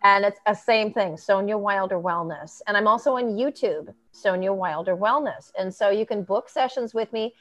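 A woman guest, a nutritionist, telling animated stories with emphatic asides and laughs. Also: mid-range voice. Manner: emphatic, quick asides, laughs between points. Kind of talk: animated storytelling.

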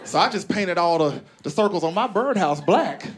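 A man from Arkansas with a Southern accent, doing a profane, animated stand-up set on stage in front of a live audience. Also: moderate pace. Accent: Southern American. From Arkansas, USA. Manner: animated, profane storytelling with big pitch swings into voiced characters. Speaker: stand-up comedian. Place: large live comedy venue with laughing audience. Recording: live crowd laughter and noise.

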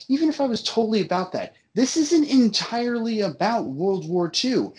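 A man's voice: high-pitched, very animated, moderate pace, few pauses, darkish tone, slight background noise. A man ranting in casual talk about a movie he disliked, emphatic and profane, often repeating himself for effect. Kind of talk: casual movie-review rant.

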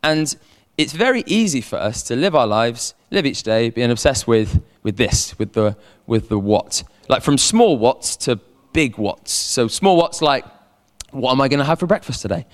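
A man preaching a sermon as a pastor, animated, repeating words and calling on the congregation to respond. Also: mid-range voice, measured pace. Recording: long hall reverb.

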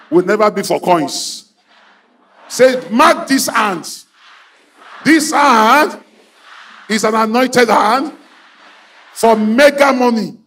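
High-voiced shouting preacher. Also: male voice. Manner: exhorting, repetitive, bursts into shouts. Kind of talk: fiery sermon with call-and-response.

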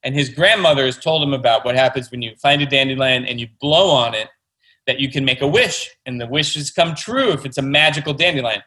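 A man's voice: mid-range voice, brisk, pushed and bright, poor audio. A man, a children's book author, chatting enthusiastically as an interview guest. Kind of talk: casual interview talk.

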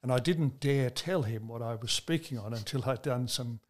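A man from Australia who is a preacher, answering interview questions in a measured, earnest way, slowing down to stress key points. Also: medium pitch. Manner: measured, earnest storytelling with slow emphatic stresses.

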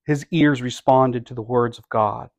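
A man's voice: mid-range voice, steady tone, unhurried, creaky, darkish tone. A man preaching a sermon in a conversational way, with wry asides and rhetorical questions to the congregation. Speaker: pastor.

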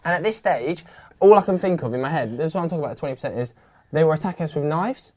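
A man, a podcast host, retelling a story in casual chat with animated, vivid delivery and some swearing. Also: on the high side, rapid-fire.

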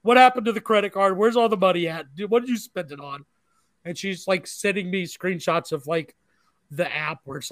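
A man's voice: on the high side, a bit bright, no echo, studio quality. A married man telling a long rambling story in casual chat, full of profanity and fillers.

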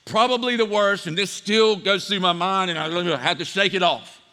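A pastor preaching a sermon, a man who tells animated stories and acts out the voices of people he quotes. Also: sits high, normal speed, smooth. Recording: church hall reverb.

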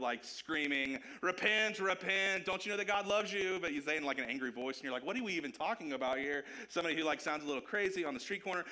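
Male pastor, bright and higher-pitched, animated and jokey, sermon from the stage. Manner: animated, joking, conversational.

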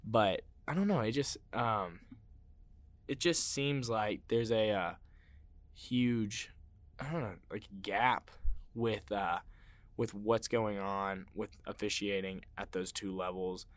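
A man's voice: lowish voice, takes it slowly, no room sound. Rambling opinionated man. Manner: rambling, opinionated, lots of fillers and restarts; gets worked up and loud when ranting. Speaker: podcast host. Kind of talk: casual sports podcast monologue.

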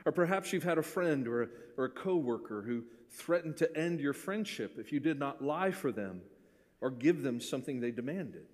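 A male pastor delivering a sermon, swinging between hushed, intimate passages and forceful, rising appeals. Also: mid-range voice, expressive, moderate pace, long reverb tail.

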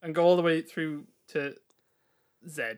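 A man's voice: on the high side, flat delivery, unhurried, smooth. A man hosting a casual podcast, joking and asking mock-formal questions. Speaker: podcast host. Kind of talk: casual chat.

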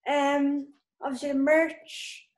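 Woman, high voice, upbeat, chatting casually on a podcast. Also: little pitch movement, slow. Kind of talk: casual chat.

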